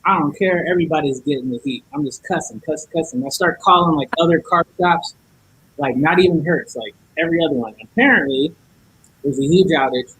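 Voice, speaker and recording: A man's voice: on the high side, a little fast, a bit bright, a little hiss or hum, poor audio. A man guest on a podcast, telling a story in casual chat, acting out each side of the dialogue and cursing a lot.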